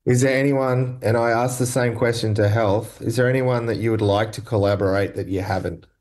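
A man's voice: medium pitch, fairly even intonation, a little fast, darkish tone. A man interviewing a musician, asking short casual questions with brief friendly replies.

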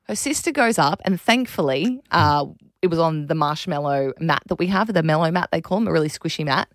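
A woman's voice: low-pitched, expressive, brisk, no echo, clean studio sound. A woman in her thirties with an Australian accent, hosting a casual radio chat, telling stories animatedly and laughing often. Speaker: radio host. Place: radio studio. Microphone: studio mic.

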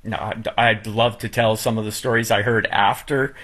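A man speaking in a halting, emotional way, full of fillers and restarts, about someone he admired. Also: on the low side, fairly even intonation, fairly bright tone. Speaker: guest. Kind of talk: casual chat.

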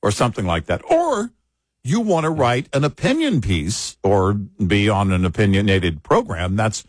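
Male talk radio co-host, low husky voice, lively intonation, halting restarts, dry studio. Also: no room sound. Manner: frequent agreeing interjections, halting restarts. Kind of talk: casual political talk.

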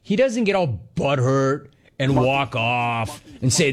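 With a mid-range voice and an unhurried pace, this sports talk host gives animated, opinionated commentary. He mocks others through mimicry and laughs often.

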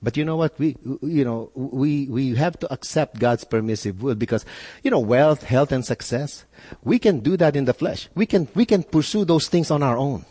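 Animated man preaching in a hall. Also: medium pitch, moderate pace. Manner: animated preaching with repetitions and rhetorical questions. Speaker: pastor. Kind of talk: sermon.

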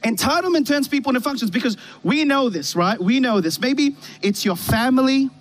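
A pastor with a very high-pitched, animated voice speaks briskly and a bit brightly from a church stage with a worship band, preaching a conversational sermon. He tells a personal story and poses rhetorical questions to the congregation. Faint keyboard pad music plays behind him, and the recording quality is low.

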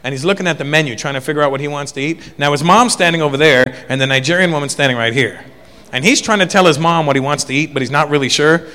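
A man's voice: on the high side, fast, pushed and bright, big-room sound. A man performing a stand-up routine, telling an anecdote in a conversational way with quoted voices. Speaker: stand-up comedian.

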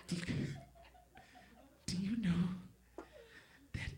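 A man putting on a high, breathy, whiny girlfriend voice as a mocking stand-up impression. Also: steady tone, extremely slow, warm tone. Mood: dreamy. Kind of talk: stand-up comedy. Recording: live club audience laughing.

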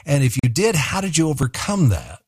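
A male host asks a long question in a relaxed way, pausing to search for words. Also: fairly high pitch, slightly rough, dry recording, clean studio sound. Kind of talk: interview question.

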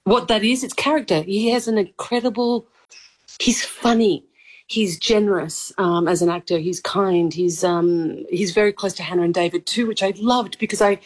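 A woman in her thirties with a mild Australian accent mixed from years abroad, an actress chatting in an interview, effusive and quick to laugh. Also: lowish voice. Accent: mild Australian, mixed from living abroad. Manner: effusive, laughs often, animated storytelling. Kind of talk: casual interview chat.

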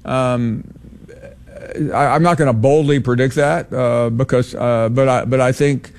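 A man's voice: mid-range voice, steady tone, a little slow, gravelly, a little mellow. Hesitant male sports radio host. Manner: hesitant, many uhs. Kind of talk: call-in radio talk.

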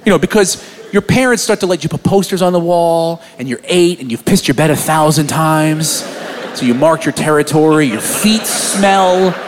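A man in his thirties doing a crude, animated stand-up set, acting out voices. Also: high voice. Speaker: stand-up comedian. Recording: live club audio with crowd noise. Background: laughing audience.

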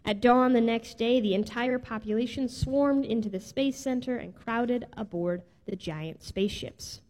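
Storybook narrator: woman, fairly high, mellow, expressive, in a reverberant hall. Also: unhurried. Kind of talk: storybook read-aloud.

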